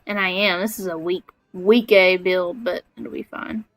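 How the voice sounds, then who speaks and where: A woman's voice: fairly low pitch, steady tone, normal speed, a bit bright, dry recording, soft background music, low-quality recording. A woman from Alabama with a Southern accent, chatting casually and teasing herself while she streams a game from her floor at home. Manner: chatty, self-deprecating. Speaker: livestreamer. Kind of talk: casual chat while gaming.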